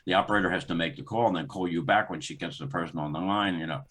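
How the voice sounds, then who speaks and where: An older man, a former sports executive appearing as an interview guest, tells a story in a low, deep, slightly rough voice, talking fast yet at an easy conversational pace. He acts out the dialogue animatedly, raising his pitch to imitate the people involved and laughing now and then.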